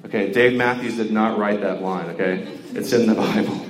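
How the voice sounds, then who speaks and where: Casual young preacher in echoey hall. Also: male voice, lowish voice, steady tone, normal speed. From Georgia, US. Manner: conversational, joking, lots of filler words. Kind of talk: casual sermon to a campus crowd. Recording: echoey hall with faint ambience.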